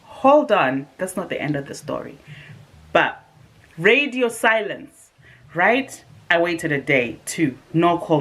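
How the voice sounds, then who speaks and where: A woman vlogging, telling a personal story in a casual, animated and sarcastic way with rhetorical asides. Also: sits low.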